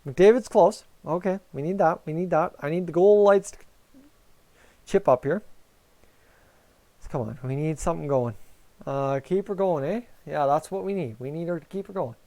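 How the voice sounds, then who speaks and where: Young man, high and smooth voice, jittery fan reacting live to a game. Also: normal speed, long pauses. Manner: nervous, excitable, talks to chat. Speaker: fan streamer.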